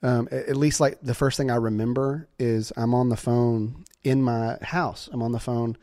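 A man casually telling a story from his youth, laughing often and acting out quoted voices in a high pitch. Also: fairly even intonation, moderate pace, warm tone, no echo, clean studio sound.

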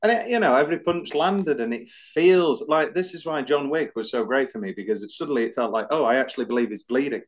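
Lively young man co-hosting a film podcast. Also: a little high, fairly quick, hardly any pauses. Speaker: podcast co-host. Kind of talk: casual film review chat.

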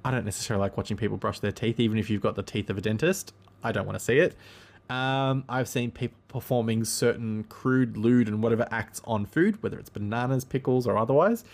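A man's voice: medium pitch, a little fast. A man hosting a casual solo podcast monologue, rambling and easygoing, with frequent ums and self-corrections.

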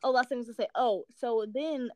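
Giggly and excitable, a young podcast co-host tells stories in casual late-night chat, audibly tired. She speaks fast in a slightly high voice, captured in studio quality with no room sound.

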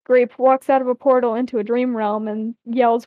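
High-voiced young woman reading a story. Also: steady tone, moderate pace, dark tone, no room sound. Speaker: podcast co-host reading a story aloud. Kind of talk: casual read-aloud.

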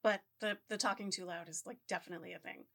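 A woman co-hosting a casual podcast conversation, excitable and quick, explaining ideas with enthusiasm. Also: on the low side, creaky. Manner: excitable, fast, loud-leaning. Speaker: podcast co-host.

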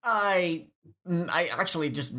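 A man from the Netherlands, a guest on a casual podcast, talking playfully with halting restarts and slipping in and out of put-on accents. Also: high voice, sharp tone. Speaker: guest, Let's Player.

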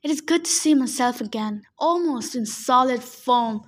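A woman reading the part of a malicious old male ghost king, speaking slowly and mockingly. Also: high voice, lightly acted. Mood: sneering. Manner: slow, sneering, mocking. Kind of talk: audiobook character reading.

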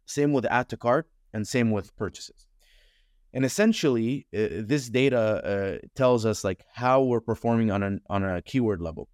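A man talking as a podcast guest in a casual, frank and animated way, with frequent fillers and casual swearing. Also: mid-range voice, normal speed, dry recording, studio quality. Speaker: podcast guest, advertising consultant. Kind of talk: casual conversational interview.

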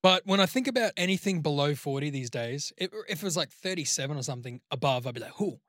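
An Australian man co-hosting a podcast in lively casual chat, swearing freely and breaking into put-on voices. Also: a little high, fast talker, dry recording, clean studio sound. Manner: animated, swearing, puts on voices. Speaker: podcast co-host.

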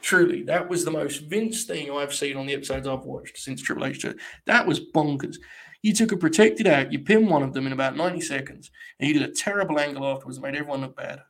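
A young man talks casually through a live stream, blunt and sarcastic, with plenty of swearing. His voice sits a little high for a man. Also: fast, fairly bright tone. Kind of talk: casual live commentary on wrestling.

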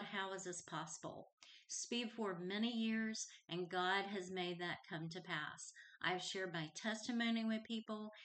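Her voice sits on the low side yet has a fairly bright tone. The middle-aged host of a Christian podcast, she tells her personal testimony with sincerity and feeling and reads passages of scripture aloud.

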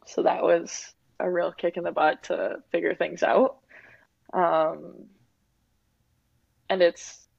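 A woman's voice: lowish voice, creaky, dry recording. A woman in her twenties, a guest athlete talking openly and reflectively in an interview, with lots of "like" and "um". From Winnipeg, Canada. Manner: reflective, open, heavy use of "like" and "um". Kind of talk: candid interview talk. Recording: dull, dry lo-fi recording.

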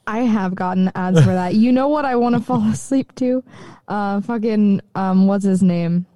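Woman co-host, casual chatty, laughs a lot, mellow dry voice. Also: medium pitch, normal speed, no room sound. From rural area. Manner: chatty, laughs often, animated. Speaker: podcast co-host. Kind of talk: casual chat.

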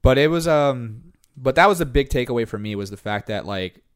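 A man's voice: mid-range voice, animated, a little fast. A man with a Puerto Rican accent, born in New York and raised in Puerto Rico, chatting casually and switching between English and Spanish, full of fillers. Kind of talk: casual bilingual chat.

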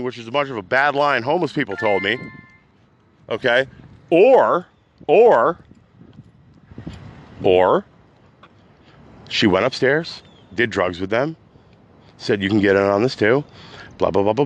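A man hosting his own podcast, ranting unscripted, agitated and rambling, swinging between loud outbursts and low mutters. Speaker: podcast host. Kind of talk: unscripted rant.

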